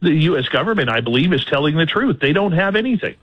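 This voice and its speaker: A man's voice: a little high, very animated, fast talker, slightly rough. A male podcast host talking in an earnest, emphatic way and posing questions. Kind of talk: casual conversation. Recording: slightly dull audio.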